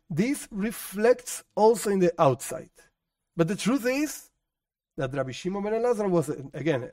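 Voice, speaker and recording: Animated man teaching a religious story. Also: a little high, no echo, studio quality, recorded from a distance. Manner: animated storyteller, chatty asides. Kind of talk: storytelling Torah lesson.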